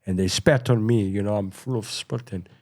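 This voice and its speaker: A middle-aged South African man telling his story in a casual interview, rambling and full of "you know," going quieter at tense moments. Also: fairly low pitch, normal speed. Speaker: podcast guest.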